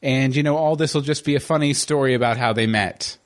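A man's voice: mid-range voice, a little fast. A man hosting a podcast, talking in a casual, chatty way with lots of fillers and restarts. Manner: chatty, stammering with many fillers. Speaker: podcast host. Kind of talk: casual commentary chat.

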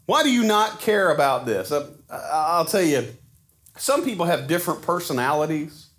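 A man in his forties preaching a sermon in a casual, animated storytelling way, acting out the quotes he tells. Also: on the high side, moderate pace. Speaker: pastor.

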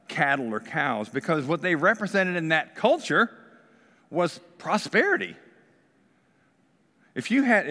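Male pastor, mid pitch, animated sermon delivery with acted voices; long hall reverb. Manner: animated storytelling, acts out voices of the people.

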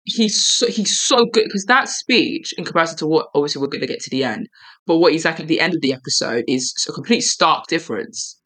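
A woman from East London co-hosting a podcast, talking in a playful, animated way with quick restarts. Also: deep voice, slightly rough. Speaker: podcast co-host. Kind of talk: casual chat.

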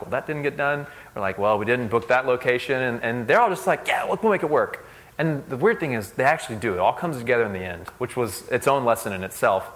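A young man giving a casual, conversational sermon. He uses lots of "like" and tells stories in an animated way. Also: medium pitch. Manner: conversational, fillers like "like", animated storytelling. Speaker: speaker at a church service.

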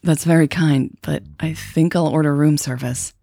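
A woman voicing a calm, wry woman who speaks in a dry, teasing way. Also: low voice, moderate pace, gravelly.

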